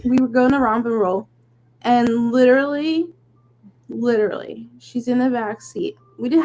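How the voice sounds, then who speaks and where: A young woman co-hosting a casual podcast, venting in an animated, rambling way that is full of "like"s. Her voice sits fairly high. A faint noise runs underneath. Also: poor audio. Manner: venting, animated storytelling with many "like"s. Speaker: podcast co-host. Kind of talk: casual chat.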